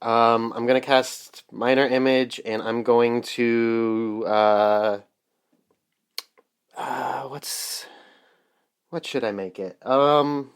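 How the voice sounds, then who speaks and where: A man's voice: medium pitch, steady tone, extremely slow, clear, resonant tone. A man playing a tabletop game, speaking hesitantly with many fillers. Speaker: player.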